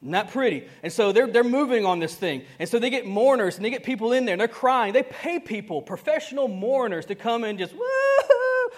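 Animated male preacher. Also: high voice, a little fast, hardly any pauses. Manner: animated, acts out dialogue with sudden soft and loud turns; conversational, chuckles often, uses slang. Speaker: pastor. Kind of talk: sermon.

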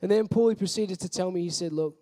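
Talking fast with fairly even intonation, a young Australian pastor preaches in a voice that sits high yet sounds dark. His sermon is casual storytelling drawn from personal experience, full of fillers.

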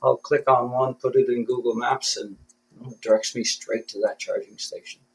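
A Canadian man appears as a guest in a conversational interview, speaking thoughtfully and self-deprecatingly and often restarting his sentences. His medium-pitched voice has a steady tone and moderate pace, and the recording is rough.

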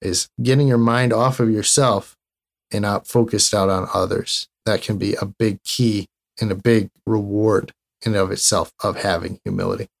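A man's voice: on the low side, fairly even intonation, moderate pace, gravelly. A man co-hosting a casual faith talk show, talking in an easygoing, conversational way with fillers. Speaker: co-host.

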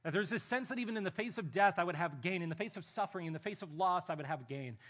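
A man preaching a sermon as pastor, conversational and self-deprecating, reading a letter aloud slowly and softly. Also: high voice, lively intonation.

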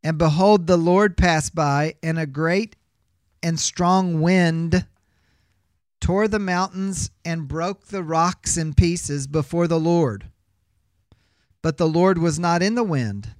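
A man's voice: on the high side, takes it slowly, no echo, clean studio sound. A man teaching a biblical counseling class, reading scripture aloud and explaining it emphatically with rhetorical questions. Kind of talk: Bible teaching lecture.

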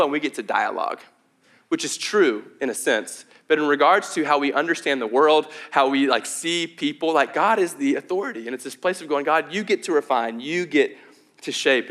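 A man's voice: on the high side, fairly quick, fairly bright tone. A young adult man preaching a sermon as pastor, in a conversational, earnest way with frequent fillers and restarts. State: out of breath.

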